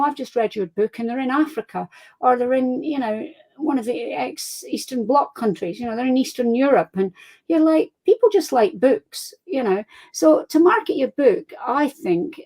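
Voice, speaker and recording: Scottish woman, author guest, chatty anecdotes, fairly high voice, laughs easily. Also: darkish tone, rough recording. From Scotland. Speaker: crime fiction author guest. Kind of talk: casual interview chat.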